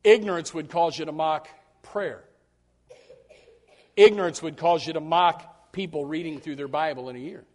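A man's voice: fairly high pitch, moderate pace, long pauses. A man preaching a sermon to his congregation, acting out quoted voices and repeating words as he builds his points. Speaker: pastor.

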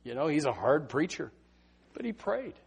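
Fervent preacher, husky. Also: male voice, a little high, big pitch swings, normal speed. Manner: emphatic, swings from loud to hushed. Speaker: Baptist preacher. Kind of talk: sermon.

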